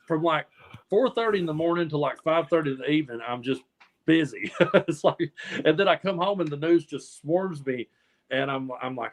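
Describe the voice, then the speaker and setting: A man's voice: fairly high pitch, a little fast. A man from the American South co-hosting a casual political chat show, talking in an earnest, rambling way and often repeating words as he restarts. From Appalachian South, US. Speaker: co-host.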